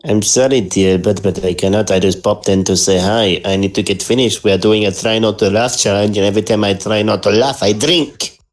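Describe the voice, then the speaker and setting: A man's voice: fairly low pitch, steady tone, brisk. A Scottish man dropping into a podcast call while tipsy, bantering playfully and calling others dear. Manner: playful, mock-formal, calls others dear. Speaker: podcast regular making a cameo. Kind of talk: casual banter. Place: online voice call.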